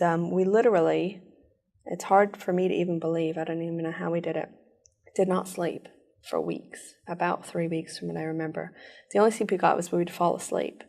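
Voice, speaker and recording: Gravelly low-voiced woman. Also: darkish tone. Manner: earnest, rushed storytelling. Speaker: interviewee. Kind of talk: personal testimony.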